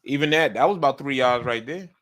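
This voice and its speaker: A man's voice: medium pitch, fast talker. Emphatic man breaking down game film. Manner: repetitive, emphatic, coaching tone, breaks into animated outbursts. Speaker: football film analyst.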